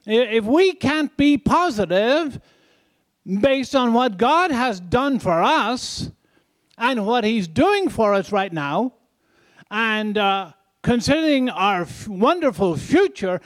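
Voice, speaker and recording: An older male preacher with a foreign accent and a high voice, talking to his congregation in a folksy, chatty way. He chuckles between points and keeps checking in with the crowd. The sound is close and dry. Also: very animated, slow, no room sound. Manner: folksy, asks the crowd "isn't that right?". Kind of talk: sermon.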